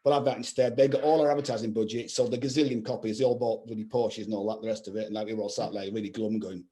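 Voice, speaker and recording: A man's voice: on the low side, fairly even intonation, racing, mellow. A middle-aged man, a guest video game composer, rambling through anecdotes with lots of "you know" fillers in casual chat. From England.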